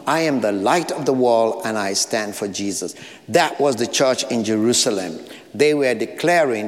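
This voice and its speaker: A man's voice: medium pitch, darkish tone, in a large hall. A man with an African accent, preaching a sermon as pastor, earnest, with short repeated phrases and light asides. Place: church sanctuary.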